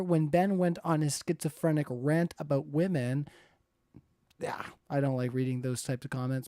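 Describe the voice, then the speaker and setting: A man's voice: on the high side, steady tone, moderate pace, dark tone, no echo, clean studio sound. A man moderating a live-streamed debate, reading donor comments aloud with chuckles and hesitant fillers.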